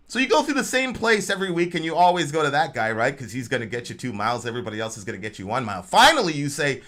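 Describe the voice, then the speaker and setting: Man, livestream co-host, preachy commentary, bright tone, acts out voices. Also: on the high side, sing-song, very fast, few pauses. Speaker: show co-host.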